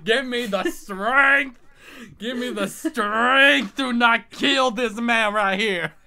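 A man with a Southern US accent voicing an exasperated Southern man in a fan comic dub, loud and drawn out. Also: extremely high pitch, takes it slowly, vocal fry, pitched above the performer's own voice, exaggerated voice. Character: exasperated Southern man at the end of his rope.

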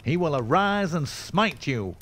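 A man's voice: on the low side, lively intonation, measured pace, a little mellow. A man voicing a vain, smirking rich young man who brags and threatens. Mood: threatening. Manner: smug, scolding, self-satisfied.

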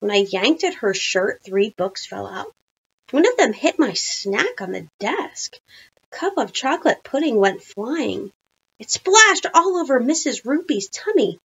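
Animated woman reading a storybook aloud. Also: a little high, a little slow, creaky, slightly rough, highs cut off. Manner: animated, chatty asides.

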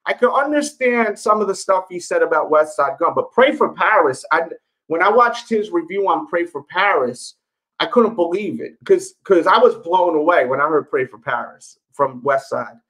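Rambling high-voiced man chatting casually. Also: animated, moderate pace, a bit bright, poor audio. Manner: rambling and candid, lots of fillers. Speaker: sneaker YouTuber. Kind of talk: casual solo commentary.

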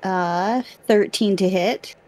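A woman playing in a tabletop game, unhurried and thinking aloud. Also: mid-range voice, a little mellow. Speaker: player. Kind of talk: casual tabletop game play.

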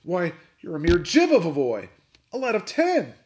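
A man's voice: medium pitch, animated, moderate pace, lightly acted. A man voicing a blustering, hot-tempered old sea captain who roars and bellows. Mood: furious. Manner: roaring, bellowing shouts.

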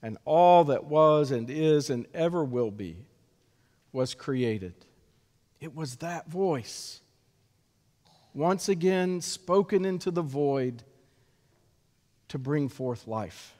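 A male pastor delivering an Easter sermon in a slow, measured way with dramatic pauses, in a church sanctuary. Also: a little high, expressive, darkish tone. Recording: long reverb of a church sanctuary.

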